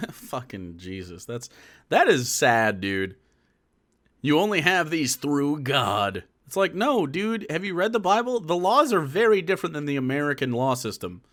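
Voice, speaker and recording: A man's voice: fairly high pitch, big pitch swings, a little slow, a bit bright. A young man reacting to a video on stream, with casual, profane commentary and laughing asides.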